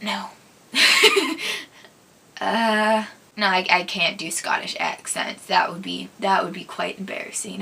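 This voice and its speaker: A woman's voice: medium pitch, takes it slowly, vocal fry, pushed and bright, a little hiss or hum. A young woman from Minnesota hosting her own vlog, chatting casually and answering viewer questions, giggly and hesitant with plenty of ums. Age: young adult. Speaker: vlog host. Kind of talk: casual chat.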